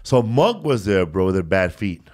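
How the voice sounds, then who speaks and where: A man's voice: low voice, big pitch swings, moderate pace, a little mellow. A man who hosts a comedy podcast, rambling through funny anecdotes in casual chat and saying "bro" constantly.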